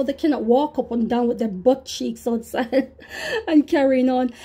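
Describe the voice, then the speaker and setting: A woman's voice: on the high side, mellow, husky. A woman preacher earnestly recounting a vision, repeating herself as she tells the story. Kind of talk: testimony to camera.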